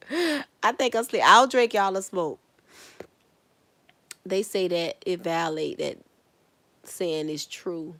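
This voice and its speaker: A woman's voice: a little high, sharp tone. A woman streaming live as she paints, chatting casually, rambling through her thoughts and asking viewers questions. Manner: rambling, musing aloud, laughs at her own thoughts; talks straight to viewers, asking them questions. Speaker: artist live streaming while painting earrings. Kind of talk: casual livestream chat.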